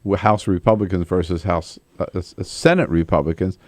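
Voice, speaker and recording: A man hosting a political talk radio show, giving animated commentary and sometimes mocking politicians. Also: deep voice, a little fast, dry recording. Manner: animated, mocks politicians with put-on voices.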